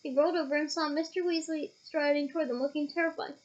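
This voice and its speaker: High-voiced woman reading a novel aloud. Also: fast talker, highs cut off. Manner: lively reading, breaks off with playful comments. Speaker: audiobook reader.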